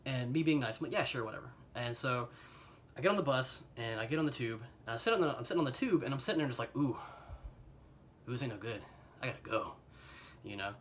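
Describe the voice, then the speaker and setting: A young man with an American accent recounts a mishap in a loose storytime monologue. His voice sits at an ordinary middle pitch, and he rambles along with plenty of "like" and "you know". He mocks himself and breaks into chuckles, all captured on a phone camera. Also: lively intonation, rapid-fire, fairly bright tone, a little hiss or hum. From United States. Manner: rambling and self-mocking, full of fillers and chuckles. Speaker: vlogger telling a personal story.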